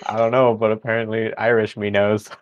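A man's voice: lowish voice, flat delivery, fairly quick. Easygoing young male podcast host. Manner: easygoing, laughs along. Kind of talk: casual chat. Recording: dry, dull lo-fi recording.

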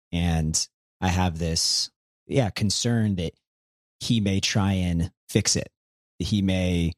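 A man with a very low, deep voice speaks in a measured, careful way, qualifying each point. The sound is dry and close, with no room sound. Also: no echo. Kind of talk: casual conversation.

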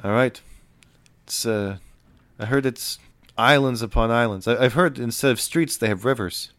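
A man narrating as game master of a tabletop game, relaxed and full of fillers. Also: medium pitch, normal speed, dry recording.

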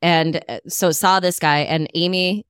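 Lower-voiced woman recounting details. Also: fairly even intonation, unhurried, fairly bright tone, clean tone, dry recording, clean studio sound. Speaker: podcast co-host. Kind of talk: casual chat among friends.

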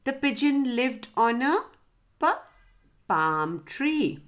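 A woman's voice: sits high, sing-song, slow, pitched above the performer's own voice, full character voice. Woman as a friendly talking letter P. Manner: friendly, teacherly, addresses children.

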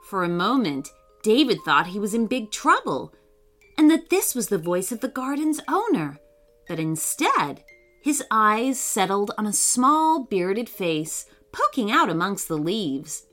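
Female storyteller, slow and animated, reading a children's book aloud. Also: mid-range voice, soft background music. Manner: reads slowly, puts on voices for characters.

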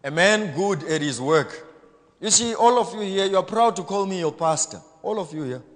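A man pastor preaching a blunt, self-assured sermon, swinging between loud exhortation and quiet asides. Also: sits high, expressive, normal speed, long reverb tail. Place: church hall.

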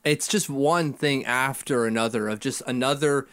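A man's voice: mid-range voice, normal speed, a bit bright, dry recording. A man co-hosting a casual chat, joking and putting on mocking voices. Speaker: podcast co-host.

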